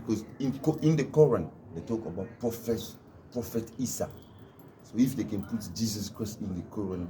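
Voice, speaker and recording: A man's voice: low voice, background noise. A man from Africa giving a rambling, preachy monologue outdoors, filmed on a phone. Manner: preachy, emphatic, repetitive. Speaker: vlogger. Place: outdoors in the cold near his home.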